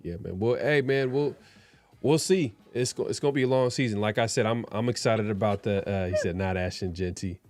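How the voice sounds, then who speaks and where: A man's voice: fairly low pitch, a little fast, darkish tone. A man co-hosting a casual sports talk show, laid-back and repeating himself often. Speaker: co-host.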